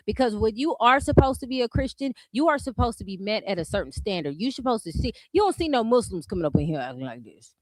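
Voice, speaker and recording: A woman's voice: mid-range voice, dry recording. A woman streamer giving blunt, mocking drama commentary, full of rhetorical questions.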